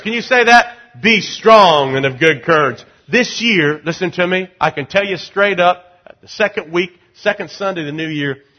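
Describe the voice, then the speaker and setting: A middle-aged man preaching as pastor, urging the crowd to repeat lines and swinging from loud rising calls to low, confiding asides. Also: breathy edge, dull audio. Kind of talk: sermon.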